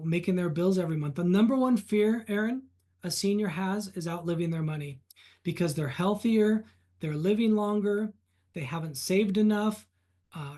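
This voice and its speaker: A man being interviewed on a podcast as a reverse mortgage specialist, telling client stories in an animated way. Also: high-pitched. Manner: animated anecdotes, retelling client conversations.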